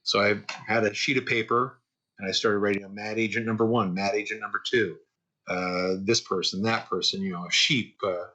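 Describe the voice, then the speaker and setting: A man's voice: on the low side, moderate pace. A man in his sixties, a guest animation artist, casually telling stories from his career in a podcast interview with frequent fillers and repeats. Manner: relaxed anecdotal, frequent "uh" and repeats.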